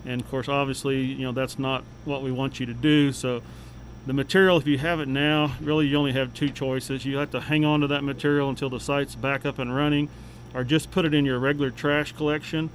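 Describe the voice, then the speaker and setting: Flat-voiced man giving city updates. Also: medium pitch, a little hiss or hum, low-quality recording. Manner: plain, unhurried, with many fillers. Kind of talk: radio talk segment.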